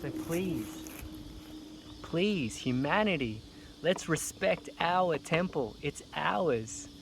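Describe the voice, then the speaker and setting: A man's voice: on the high side, animated, takes it slowly, creaky, noisy background. A man, an artist, making an earnest, emotional appeal to camera, near tears and repeating phrases for emphasis. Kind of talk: heartfelt personal appeal to camera.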